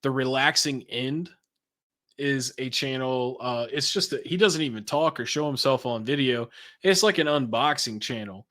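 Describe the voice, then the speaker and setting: A man's voice: medium pitch, moderate pace, fairly bright tone. A man who is a podcast guest, talking in a laid-back, chatty way with casual swearing. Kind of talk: casual interview chat.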